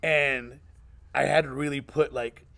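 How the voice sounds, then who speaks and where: A man's voice: medium pitch, unhurried, vocal fry. A man streamer telling a gaming story in casual chat, acting out the voices of the people in it. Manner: animated, acts out voices in his stories. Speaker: streamer and interviewer.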